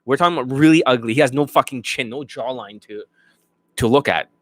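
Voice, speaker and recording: A man's voice: mid-range voice, brisk, a bit bright, no echo. A man working as a dating coach, ranting bluntly and profanely to his students. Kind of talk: unscripted monologue to students.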